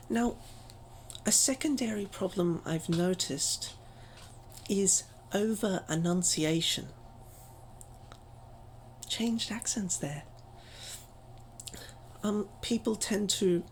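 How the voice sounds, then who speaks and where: A woman's voice: mid-range voice, a little mellow, slight background noise, poor audio. Chatty woman teaching a casual voice lesson. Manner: chatty, self-deprecating, filler-heavy. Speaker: voice training tutor. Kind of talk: casual tutorial.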